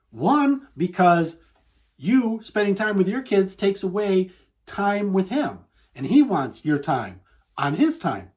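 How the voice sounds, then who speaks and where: A man's voice: a little high, a little mellow. A man hosting a dating advice talk, speaking earnestly and emphatically straight to the listener. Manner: earnest, emphatic and repetitive, addressing the listener as "you". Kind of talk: direct-to-camera advice talk.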